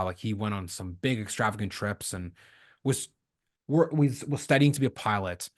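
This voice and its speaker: A man from Canada hosting a podcast, telling lively stories in a casual chat and acting out the lines of the people in them. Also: mid-range voice, a little fast. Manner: lively storyteller acting out quoted dialogue. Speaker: podcast host.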